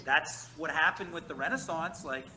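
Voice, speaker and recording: A man's voice: a little high, sharp tone, slight background noise, poor audio. A man in a casual chat, telling long stories in a profane, emphatic way. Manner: profane, emphatic, fast storytelling. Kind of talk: casual chat, rambling monologue.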